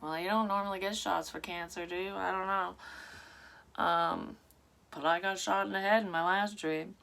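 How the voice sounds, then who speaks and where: A woman's voice: on the low side, steady tone, normal speed, vocal fry, fairly bright tone. A woman who works as a psychic medium reads a story aloud and breaks off often for frank, rambling asides full of swearing. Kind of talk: reading a story aloud with casual commentary.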